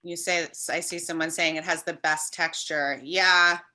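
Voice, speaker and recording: A woman speaking as a cheese expert on a webinar, relaxed and casual, with loose wording and fillers. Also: sits low, a little slow.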